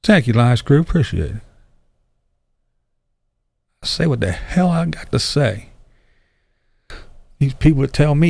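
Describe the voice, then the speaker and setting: A man's voice: a little high, expressive, moderate pace, gravelly, pauses often, darkish tone, no room sound. An older man hosting his own channel, chatting casually with viewers and answering their comments in a blunt, profane way, laughing often. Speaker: YouTube channel host.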